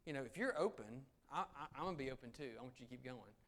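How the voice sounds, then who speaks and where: A man presents to a meeting room of professionals. His pitch sits right in the middle for a man. He talks in a lively, conversational way, slipping into quick acted-out lines. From Southern United States. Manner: animated, conversational, acts out quotes. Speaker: attorney giving a negotiation talk. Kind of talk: conference presentation.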